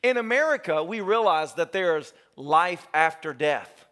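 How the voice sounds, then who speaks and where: A man's voice: a little high, unhurried. A male pastor preaching a sermon, telling a story with jokes and acting out quotes. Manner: animated, joking, acts out quotes. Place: church sanctuary.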